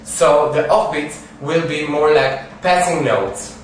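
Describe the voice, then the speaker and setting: A man's voice: on the high side, takes it slowly, recorded from a distance, slight background noise. A man giving a piano lesson, explaining rhythm, counting beats aloud and singing short phrases. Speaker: piano teacher. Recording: echoey room, piano, voice from off mic.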